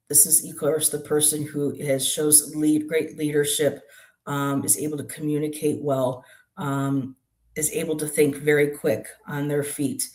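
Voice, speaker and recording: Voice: mid-range voice, darkish tone. A tarot reader on a live stream who explains each card in a musing, hesitant way, with many ums and restarts. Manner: explains card meanings aloud.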